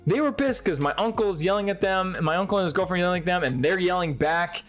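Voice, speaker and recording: A young man talks straight into his camera, telling a story in a loose, swear-laden rush. His voice swoops up and down with lively energy. Faint music plays quietly underneath. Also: sits high, quick pace. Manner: profane, excitable, lively storytelling. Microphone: speaking to a camera.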